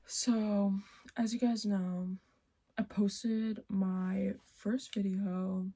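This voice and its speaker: A young woman chatting casually in her vlog, playful and rambling, with sudden loud exclamations. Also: medium pitch, steady tone, very slow. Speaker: vlogger.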